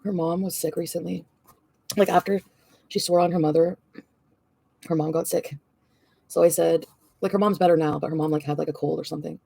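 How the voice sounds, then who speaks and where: A woman's voice: sits low, steady tone, fairly quick, vocal fry, pauses often, warm tone, slightly rough, no room sound. Profane ranting woman vlogger. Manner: profane, venting, rambling. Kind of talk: ranting vlog.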